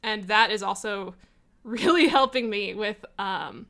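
A woman's voice: medium pitch, takes it slowly, pushed and bright. A young woman chatting casually on a podcast, rambling with many fillers. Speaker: podcast player asking listener questions. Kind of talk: casual chat.

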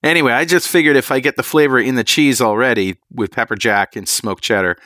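A man co-hosting a cooking podcast, describing recipes in a rambling, relaxed way and laughing easily. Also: mid-range voice, fast talker, no room sound, studio quality. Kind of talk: casual chat.

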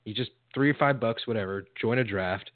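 A man's voice: lowish voice, a little fast, dry recording. A man co-hosting a podcast in casual chat, trading crude jokes. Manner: joking, crude banter. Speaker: podcast co-host. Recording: tinny phone-like sound.

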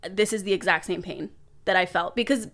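A young adult woman, a podcast guest, telling a personal story in casual chat, animated, laughing and swearing now and then. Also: medium pitch, a little fast.

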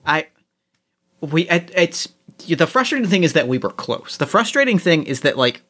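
A man playing a tabletop role-playing game, talking in halting restarts and explaining the rules. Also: fairly high pitch, sing-song, pushed and bright. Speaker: player. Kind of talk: casual tabletop game play.

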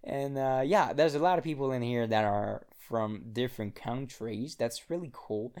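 A man's voice: mid-range voice, normal speed, a little mellow. A young man hosting his own podcast, talking alone and casually from an apartment in the mountains, rambling and swearing with lots of restarts. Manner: rambling, profane, frequent restarts. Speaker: podcast host. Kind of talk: casual solo podcast monologue. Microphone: own podcast microphone.

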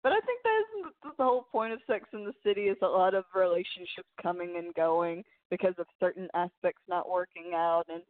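A woman's voice: lowish voice, animated, no room sound. A woman co-hosting a casual chat who teases her partner and gives her opinions freely. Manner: teasing, opinionated, quick to react. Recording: dry, phone-like narrow sound.

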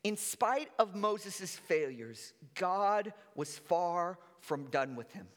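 A man's voice: sits high, big pitch swings, slow, fairly bright tone. A male pastor preaching a sermon, conversational and quizzing his listeners. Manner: conversational, asks the congregation questions. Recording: long hall reverb.

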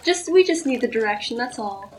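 A woman voicing her friendly young druid character, talking gently and coaxingly to an animal. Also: a little high, expressive, fairly quick, a little hiss or hum, lightly acted. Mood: reassuring.

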